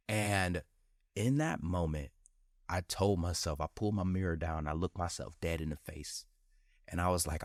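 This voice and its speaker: Man, podcast host, very low voice, dry close sound, candid, slangy, repeats himself for emphasis. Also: normal speed, no echo. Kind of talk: casual motivational monologue.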